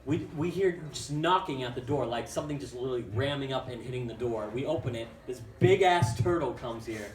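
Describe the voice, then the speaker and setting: A man's voice: mid-range voice, a little fast, hardly any pauses, soft background music. A young man doing stand-up, telling a story in a rambling, self-mocking way full of fillers. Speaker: stand-up comic. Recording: echoey room from far off with crowd.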